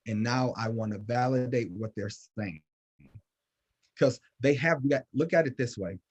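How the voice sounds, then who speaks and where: Husky guy counselor, chatty and animated, lots of um, dull lo-fi call audio. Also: medium pitch, a little slow. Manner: animated, conversational, many fillers. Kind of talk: casual Q&A talk.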